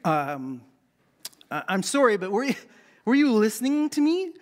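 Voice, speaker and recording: A man's voice: high voice, very animated, moderate pace, voice pushed up. A man doing a dry, puzzled Jesus. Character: patient, baffled Jesus in a comic skit.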